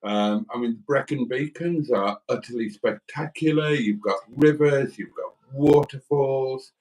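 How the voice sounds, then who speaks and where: A man's voice: mid-range voice, a little slow, darkish tone. A man co-hosting a live stream, his voice picked up from a distance and sounding set back from the mic. He gets enthusiastic and mock-grand when he talks something up. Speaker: livestream co-host. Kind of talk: casual live-stream chat.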